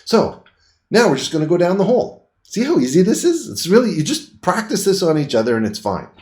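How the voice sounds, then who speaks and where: A middle-aged man teaching a paramedic exam, his pitch rising and falling a lot as he explains each step. He speaks in plain, everyday words. He stops now and then to show the moves himself. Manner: lively, plain-spoken teaching with quick demonstrations. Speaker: paramedic instructor. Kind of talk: demonstrating a clinical exam on camera.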